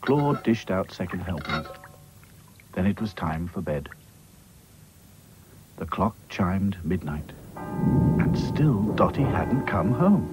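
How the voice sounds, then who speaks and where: Man with slow, lilting storybook narration. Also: low voice, big pitch swings, music in the background, low-quality recording. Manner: gentle, unhurried storytelling.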